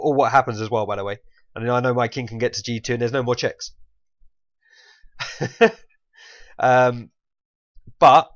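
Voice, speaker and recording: A man's voice: medium pitch, lo-fi sound. A man from England talking casually through a chess game he played, rambling, correcting himself and laughing at his own mistakes.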